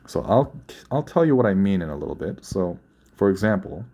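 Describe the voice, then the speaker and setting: A man's voice: sits low, very animated, brisk, mellow. A young man teaching a grammar lesson, explaining patiently and often repeating or correcting himself. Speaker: Korean language teacher.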